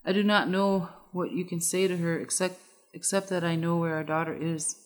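A woman reading as a resolute warrior father from a storybook, speaking in a low, measured way. The voice sits on the low side and comes out firm and steady. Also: natural voice. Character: grave determined warrior father, middle-aged man.

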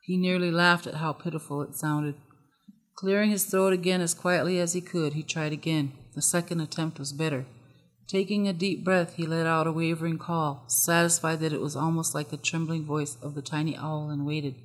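An audiobook narrator reading a story in a steady, measured way. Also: medium pitch. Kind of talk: scripted narration. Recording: long hall reverb on the voice.

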